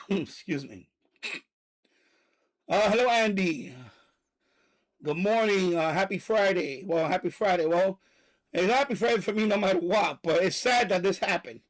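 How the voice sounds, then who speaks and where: A man hosting a live stream, delivering a loud, profane, repetitive rant and stopping now and then to catch his breath. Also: high-pitched, animated, a little slow, long pauses, poor audio. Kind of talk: ranting live stream monologue.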